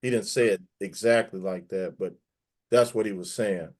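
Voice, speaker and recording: A man's voice: fairly low pitch, normal speed. A man speaking as a guest on an online panel, emphatic and opinionated, often repeating words. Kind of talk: casual panel discussion.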